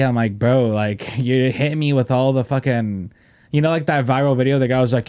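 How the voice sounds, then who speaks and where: A young man hosting a podcast, telling stories in a loose, profane, animated way and laughing often. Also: medium pitch, normal speed. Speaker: podcast host. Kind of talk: casual podcast chat.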